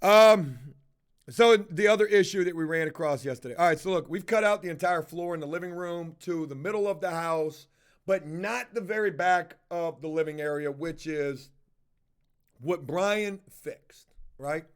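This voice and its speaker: Fairly high-voiced male vlogger, swears freely, tells it animated and casual. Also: normal speed, smooth. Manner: profane, animated storytelling. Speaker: house flipper vlogger. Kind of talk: casual livestream chat.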